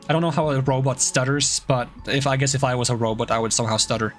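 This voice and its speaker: A man's voice: mid-range voice, steady tone, fast talker, hardly any pauses, faint music behind. A sleepy man streaming a game, joking about himself in a playful, casual way. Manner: playful, self-mocking, reads game lines aloud.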